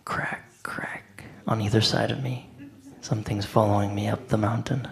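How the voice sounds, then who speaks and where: A man telling a personal story in a casual spiritual talk, animated and conversational, acting out other people's lines. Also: lowish voice, moderate pace, vocal fry. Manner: animated, acts out voices, conversational with "like". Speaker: devotee speaker.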